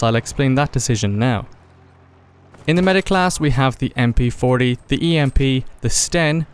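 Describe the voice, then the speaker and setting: A man's voice: mid-range voice, slight background noise. A man narrating a gameplay video in a casual, enthusiastic commentary voice-over. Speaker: gaming video creator.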